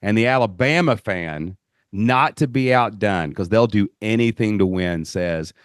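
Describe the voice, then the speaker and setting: Deep-voiced Kentucky host, dry sound. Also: male voice, measured pace, no room sound. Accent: Southern US (Kentucky). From Southeast Kentucky. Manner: animated storyteller, folksy phrasing. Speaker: podcast host. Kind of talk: casual interview chat.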